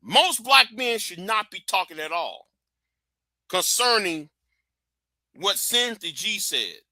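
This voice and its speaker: A man ranting on his livestream in a high, very bright voice. He is blunt, profane and emphatic, and the sound is dry and close. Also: very animated, takes it slowly, dry recording. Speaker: livestream host. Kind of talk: heated commentary rant.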